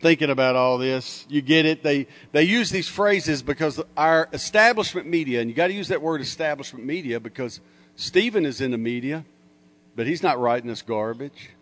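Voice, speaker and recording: A man's voice: fairly high pitch, animated, moderate pace, fairly bright tone. A man speaking to a conference crowd in a punchy, joking, mocking way. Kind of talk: lively conference talk with audience call-and-response. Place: conference hall.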